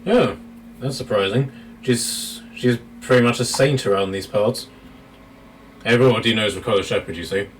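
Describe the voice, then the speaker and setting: A man's voice: fairly low pitch, lightly acted. A man voicing a rambling jailed prisoner. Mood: confiding. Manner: rambling, halting storytelling. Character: jailed carousing prisoner, chatty. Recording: distant mic, faint noise.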